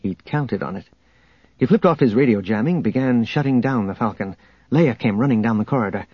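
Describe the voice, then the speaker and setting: Guy narrating an audiobook, steady, kinda husky, muffled dull sound. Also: medium pitch, brisk, no echo. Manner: steady storytelling.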